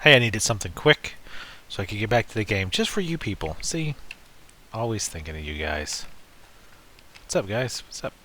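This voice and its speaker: A man's voice: fairly low pitch, sing-song, moderate pace, long pauses, pushed and bright, a little hiss or hum. A man giving casual, joking and rambling commentary while playing a video game. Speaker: let's play host.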